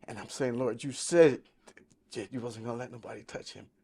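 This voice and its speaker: A man's voice: mid-range voice, brisk, vocal fry, a little mellow, slightly rough. A man of sixty telling his life testimony in casual podcast talk, emphatic and storytelling, quoting the people in it. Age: 60s. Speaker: podcast guest.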